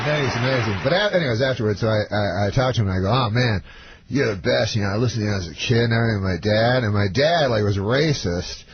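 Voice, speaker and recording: Deadpan, halting man telling a story. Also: medium pitch, dull audio, heavy background noise. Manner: halting, deadpan, heavy on fillers and restarts. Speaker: comedian guest. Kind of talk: rambling storytelling on a radio show.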